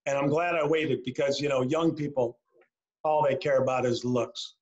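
A middle-aged man from upstate New York doing a stand-up set over a video call from home, landing punchlines dry and slowed down. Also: medium pitch, fairly even intonation, highs cut off. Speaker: stand-up comedian. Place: a home, indoors.

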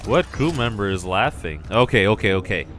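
A man's voice: lowish voice, very animated, normal speed, background noise. A man playing a horror video game and commentating, panicky, yelping and swearing as he plays. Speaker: let's play gamer. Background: game music.

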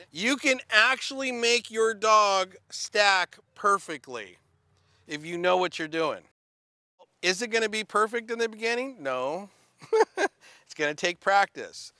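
A man coaching a dog training class, walking students through each step. His voice sits high and sounds bright and forceful. The sound is dry and close. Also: dry recording. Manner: direct, demonstrative coaching. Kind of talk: workshop instruction.

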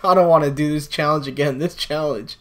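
A gaming channel host commentates his own gameplay for viewers using a new desktop microphone, getting frustrated and exclaiming as he plays. His voice is on the high side, brisk, with fairly even intonation.

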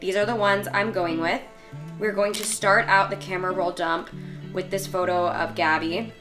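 A woman's voice: medium pitch, fairly even intonation, moderate pace. A young woman chatting casually in a vlog, bubbly, full of fillers and casual swearing. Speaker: vlogger. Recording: echoey room with music.

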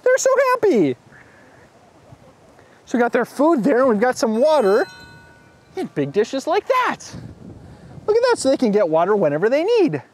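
Speaking at a moderate pace in a very high voice, a children's show host addresses little kids from an outdoor farm pen. He's full of excitement, gasping and making animal sounds in a sing-song way.

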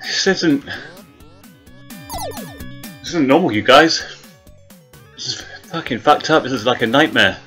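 A man's voice: mid-range voice, lively intonation, a little slow, long pauses, fairly bright tone, breathy edge, soft background music. A man hosting his gaming channel, swearing constantly and yelping in mock terror as he plays. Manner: swears constantly, mock-terrified yelps and groans. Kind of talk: comedic let's-play commentary.

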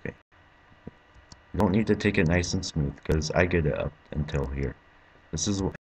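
Young guy gaming and raging, deep raspy voice, cusses a lot and yells out of nowhere. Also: moderate pace, pauses often. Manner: frustrated, swearing, bursts into yelling. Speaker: gameplay commentator. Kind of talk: let's play commentary.

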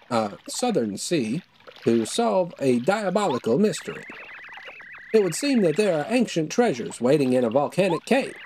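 A woman's voice: deep voice, darkish tone, a little hiss or hum. A woman voicing a pompous male explorer with theatrical, old-fashioned posh phrasing. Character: pompous male explorer, adventurous and self-assured.

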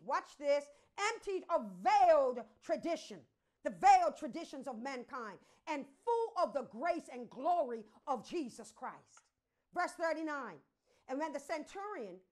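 Woman preacher, very high voice, emphatic, swings between hushed and loud, call-and-response sermon.

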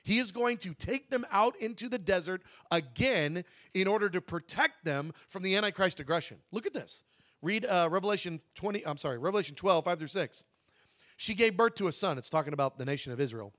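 High-voiced man teaching Bible. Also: expressive, fairly bright tone. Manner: emphatic, slows down to stress key words; conversational, with asides and self-corrections.

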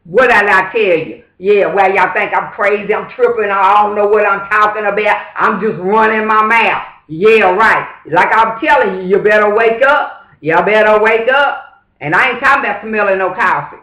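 A man's voice: high-pitched, normal speed, few pauses, pushed and bright. A man talking straight to camera in a casual, preachy vlog monologue, emphatic and fervent, with repeated rhetorical asides. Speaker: vlogger. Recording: roomy echo.

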